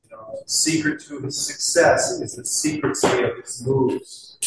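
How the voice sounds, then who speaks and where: A middle-aged man preaches to a congregation in an earnest, chatty way, full of little fillers, and he slows right down to lean on scripture words. His voice sits at an ordinary pitch and his pace is unhurried. He is picked up from across a big, very echoey hall. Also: huge pitch swings, background noise. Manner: earnest, conversational with frequent fillers. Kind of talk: sermon. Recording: echoey hall, distant mic.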